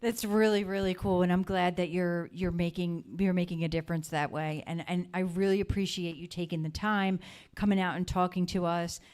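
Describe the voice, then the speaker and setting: A woman's voice: lowish voice, fairly even intonation, fairly quick, a little mellow, clear, resonant tone. A woman hosting a live community talk show, asking questions and thanking her guest in an encouraging way. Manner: encouraging, appreciative.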